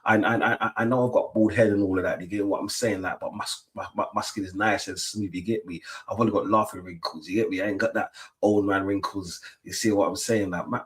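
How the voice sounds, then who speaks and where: A young British man hosts a football banter livestream from behind his webcam. His voice sits low, and he trades teasing jabs with his chat in a loose, casual flow. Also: steady tone, fast talker. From Britain. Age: young adult. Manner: playful trash talk, lots of "yeah?" tags. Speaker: livestream host. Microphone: webcam mic.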